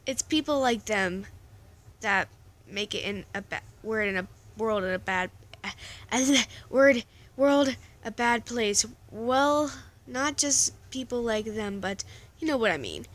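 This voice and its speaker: A woman reading a story and voicing a hurt teenage boy who stays calm and steady. He speaks softly and evenly to reassure his friend. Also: on the high side, takes it slowly. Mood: reflective. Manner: calm, soft.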